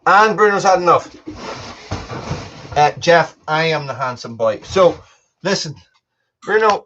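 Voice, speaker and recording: A man's voice: medium pitch, a bit bright, muffled recording. A man hosting a casual live stream, rambling with many restarts and chatting to viewers and his dog. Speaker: livestream host.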